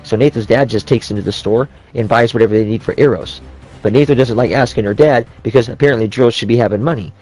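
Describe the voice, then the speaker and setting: A man's voice: mid-range voice, fast talker, dark tone, soft background music. A heated, swearing man ranting. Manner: profane, rambling, heated retelling of quoted dialogue. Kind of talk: ranting storytelling.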